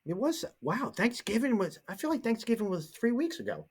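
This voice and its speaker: A man's voice: very high-pitched, brisk, slightly rough. A man co-hosting a casual sports talk show, telling stories animatedly and acting out the people he quotes. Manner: animated storyteller who acts out the people he quotes.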